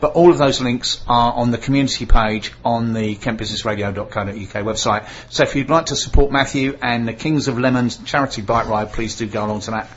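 A man's voice: medium pitch, fairly quick, hardly any pauses, highs cut off, a little hiss or hum. A man hosting a casual local radio talk show, reading out notices with frequent fillers. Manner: chatty, reads notices aloud with fillers and stumbles.

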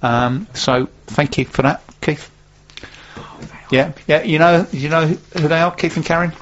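A man's voice: on the high side, a little slow, a bit bright, muffled recording, a little hiss or hum. A man hosting a local business radio show in casual chat, rambling with plenty of fillers. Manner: chatty, rambling, many fillers.

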